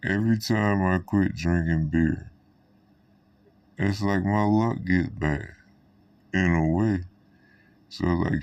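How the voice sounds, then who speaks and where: A man's voice: sits low, slow pace, long pauses, a little mellow, dry recording, distant mic. A man giving a rambling, profane monologue to the camera, laughing between thoughts. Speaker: vlogger.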